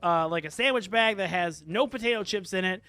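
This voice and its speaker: A man's voice: high-pitched, brisk, pushed and bright, clear, resonant tone, soft background music. A man narrating a comedic tabletop game as game master, rambling and playful, with frequent fillers.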